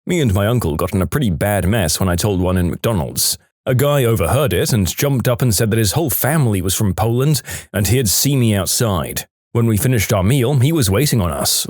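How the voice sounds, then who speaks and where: Low-voiced man reading jokes, lively delivery. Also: dry recording, clean studio sound. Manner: reads jokes aloud, laughing at the punchlines. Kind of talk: joke compilation narration.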